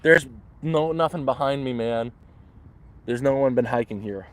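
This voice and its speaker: A man's voice: mid-range voice, moderate pace. A Canadian man livestreaming casually from the woods, rambling and acting out the voices in his stories. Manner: rambling, restarts often, acts out voices in quotes. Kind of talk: casual live storytelling. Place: outdoors in the woods.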